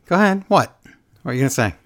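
A man hosting a casual podcast, joking and teasing his co-host in quick back-and-forth banter. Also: on the high side, big pitch swings, a bit bright.

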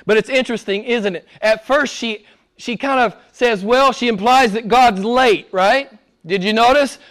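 A man preaching a sermon as pastor, asking the congregation question after question, rising to loud emphatic peaks and dropping to hushed low asides. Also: measured pace.

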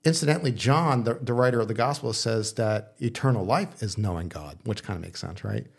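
A man with a rough, gravelly edge, chatting casually as a pastor. He works through ideas aloud, restarting sentences and checking in with his co-host, with a playful streak. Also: on the low side, fairly quick. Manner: thinking aloud, with restarts and frequent "okay?" check-ins; playful, teasing. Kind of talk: casual discussion on faith and philosophy.

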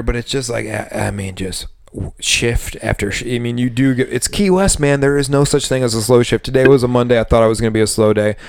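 A man co-hosting a casual podcast, animated and swearing, who mimics customers in high voices. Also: vocal fry, no room sound. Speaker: podcast co-host. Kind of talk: casual chat.

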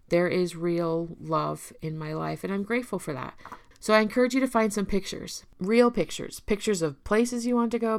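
A woman with a somewhat low voice and a gravelly fry, talking earnestly about her recovery. She addresses listeners directly and encourages them. At times she becomes emotional and laughs softly. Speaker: recovery speaker. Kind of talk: personal talk showing her emergency kit.

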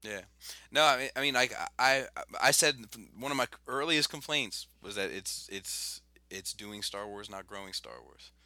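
A man in casual chat, profane and animated, with quick bursts of excitement. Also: mid-range voice, dry recording.

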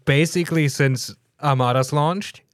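A man co-hosting a podcast, making his case earnestly with halting restarts. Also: on the high side, dry recording, studio quality. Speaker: podcast co-host. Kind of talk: casual debate chat.

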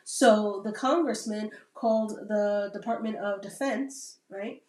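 A woman's voice: medium pitch, slow pace, a little mellow. Woman talking in a roomy, distant recording. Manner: rambling, keeps adding "right?" tags. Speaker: Navy veteran. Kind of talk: casual podcast conversation. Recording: roomy sound from a distant mic.

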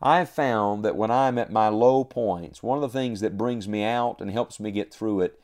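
A man's voice: lowish voice, normal speed, darkish tone. A man preaching a sermon, quoting scripture and repeating phrases with earnest emphasis. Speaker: pastor.

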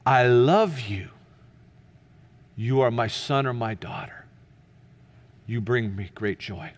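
A man preaching, voicing God as a gentle, loving father with slow, soft, tender reassurance. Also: mid-range voice, voice pushed down, lightly acted.

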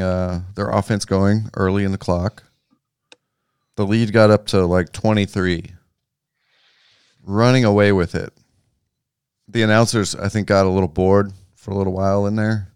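A man co-hosting a sports podcast, chatting casually about basketball in a relaxed way, with restarts and trailing phrases. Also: fairly low pitch, clear, resonant tone, no room sound, clean studio sound. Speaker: podcast co-host.

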